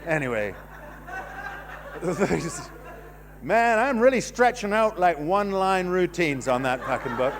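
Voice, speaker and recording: A man's voice: high voice, animated, a little slow, long pauses. A Canadian man in his fifties doing a stand-up set, rambling and self-mocking, swearing freely and letting thoughts trail off. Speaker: stand-up comedian. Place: comedy club stage.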